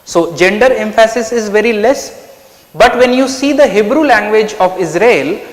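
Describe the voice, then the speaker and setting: A man's voice: high-pitched, lively intonation, normal speed, echoey room, long reverb tail. A man teaching an online lecture, explaining step by step and asking himself questions. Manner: explanatory, asks and answers his own questions. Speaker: anthropology teacher.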